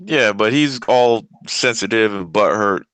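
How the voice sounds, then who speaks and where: New guy in his 40s, lowish voice but bright and crisp, dry close sound. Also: no echo. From Brooklyn, New York. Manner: animated, quick to laugh, does mock quotes. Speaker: guest actor. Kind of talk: casual chat.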